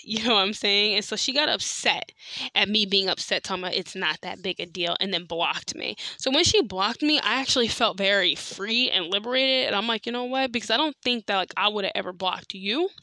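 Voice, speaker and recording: A woman's voice: medium pitch, moderate pace, bright, forceful tone, no room sound, studio quality. A woman telling a personal story in a candid, profane way, full of "like" and "you know". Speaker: podcast host.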